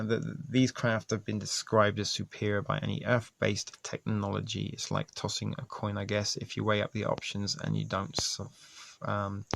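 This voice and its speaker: A man reading articles aloud and commenting in a casual, halting way, with many ums and restarts. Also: on the low side, gravelly, a bit bright, a little hiss or hum. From England. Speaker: video host.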